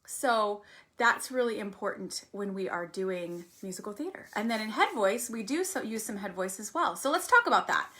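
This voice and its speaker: A woman giving a musical theater singing workshop, explaining technique and breaking into sung warm-ups and examples. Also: medium pitch, animated, moderate pace. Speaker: voice teacher. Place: arts center.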